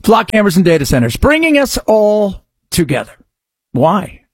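A man's voice: high voice, sing-song, moderate pace, breathy edge. A man delivering emphatic opinion commentary, full of rhetorical questions and frequent restarts.

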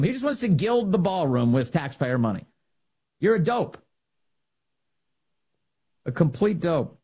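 A husky American man hosts a political talk show, scornful and emphatic. His voice leaps up high when he mocks someone. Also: big pitch swings, normal speed, pauses often, darkish tone. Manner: mocking, scornful and emphatic, with sudden high jumps in pitch. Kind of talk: opinionated political commentary.

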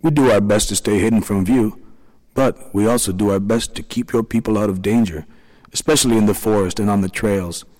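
A man playing a kindly tiny man from a storybook, the gentle leader of the little people. He speaks slowly and softly in a low voice, and a long reverb trails behind each word. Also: lightly acted. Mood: soothing. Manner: soothing, slow and gentle.

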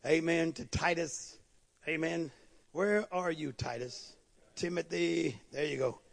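A fervent male preacher working a church service, his voice pitched high for a man and roughened with a gravelly rasp. He calls out to the congregation in bursts of call-and-response and keeps them moving with quick asides. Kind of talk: sermon.

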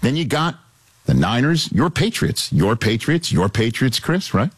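A man hosting a casual sports talk show in a playful, lively way. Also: normal speed, breathy edge, dry recording. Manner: lively, playful, jumps up in pitch. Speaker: host.

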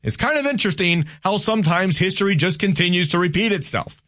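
A man's voice: sits high, animated, fast, pushed and bright. A man hosting a talk radio show, giving opinions in a loose conversational monologue and reading listener texts aloud.

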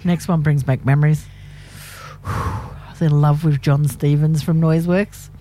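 A woman's voice: low voice, steady tone, a little slow, warm tone, slight background noise. Chatty middle-aged woman radio host. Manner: teasing, chatty, laughs often, cuts in. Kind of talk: casual on-air banter.

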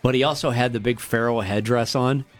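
A man's voice: mid-range voice, steady tone, brisk, soft background music. A middle-aged man with a Midwestern American accent, co-hosting a radio show and reading out poll numbers in jokey casual banter. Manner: chatty, jokey, reads poll numbers aloud.

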